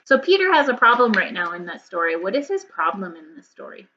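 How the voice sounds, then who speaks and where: A woman teaching a recorded first grade reading lesson. She talks patiently, sounds words out slowly and keeps checking in with "okay?". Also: medium pitch, big pitch swings, sharp tone. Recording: dull lo-fi audio with faint hum.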